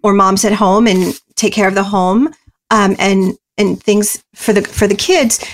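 A woman guest in an interview, explaining parenting ideas earnestly and often pausing with "you know" and "um". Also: mid-range voice, slight background noise. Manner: earnest and explanatory, many you-knows and ums. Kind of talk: interview answers.

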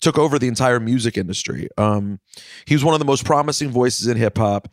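Male podcast host, mid-pitched, matter-of-fact, dry close mic. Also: fairly quick, dry recording. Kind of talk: podcast narration and interviewing.

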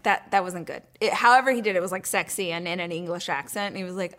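A woman in her thirties hosting her own talk show, telling a personal story in a chatty way with quick asides and laughs. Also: mid-range voice, fairly bright tone. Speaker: host. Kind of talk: casual chat.

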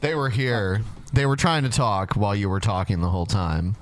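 A man's voice: fairly low pitch, lively intonation, normal speed. A man co-hosting a podcast over a call, blunt and exasperated. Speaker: podcast co-host. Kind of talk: podcast banter. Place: online voice call.

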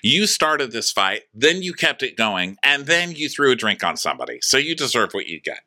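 A man's voice: medium pitch, big pitch swings, moderate pace, pushed and bright. A man co-hosting a podcast, recapping a reality show in casual chat and sarcastically mimicking the people in it. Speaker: podcast co-host.

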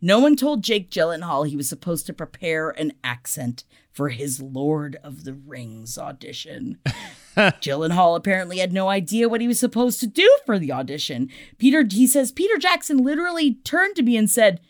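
A woman co-hosting a casual pop-culture podcast. She talks in a chatty, profane way and swings between loud and soft. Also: on the low side, expressive, normal speed. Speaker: podcast co-host.

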